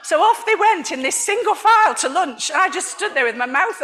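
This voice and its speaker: A middle-aged woman from Liverpool, giving an animated sermon with personal testimony and frequent laughs. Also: extremely high pitch, moderate pace. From Liverpool, England. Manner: animated storytelling, laughs often. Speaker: church speaker.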